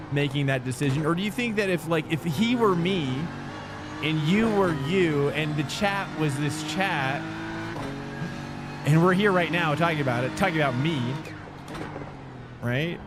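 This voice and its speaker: A man streams sim racing and chats loosely with his viewers, rambling as he goes. His voice is a little high and expressive, at a moderate pace. The stream is laid over background music.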